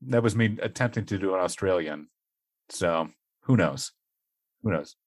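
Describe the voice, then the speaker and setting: A man co-hosts a podcast in relaxed, casual conversation. He is animated and laughs often. His voice sits a little low, and the recording is dry and close. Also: moderate pace, dry recording. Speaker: podcast co-host. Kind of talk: casual chat.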